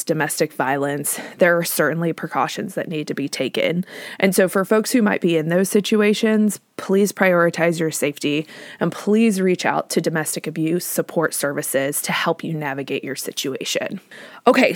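Energetic woman podcast host, dry sound. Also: lowish voice, dry recording. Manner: energetic, emphatic, laughs often. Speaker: podcast host, licensed psychologist. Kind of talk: solo podcast talk.

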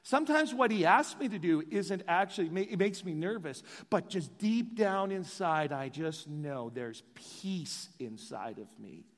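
Animated male pastor in a reverberant hall. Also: a little high. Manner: animated, joking asides. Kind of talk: sermon.

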